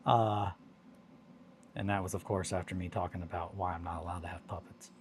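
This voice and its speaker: Low-voiced guy rambling and joking on a craft stream, faint hum behind. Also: fairly even intonation, a little fast. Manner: rambling, joking, mutters to himself while working. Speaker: hobby streamer. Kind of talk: casual live-stream chat while crafting.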